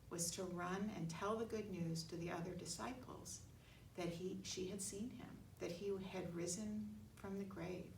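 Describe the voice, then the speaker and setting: A woman telling a Bible story to young children in gentle, simple words. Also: mid-range voice, creaky. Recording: echoey room, mic far off, faint noise.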